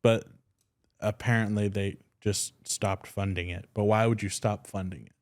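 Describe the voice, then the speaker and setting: A man's voice: on the low side, normal speed. Young man telling a wild story. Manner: loose, swearing, excitable storytelling. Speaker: podcast co-host. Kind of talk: casual chat.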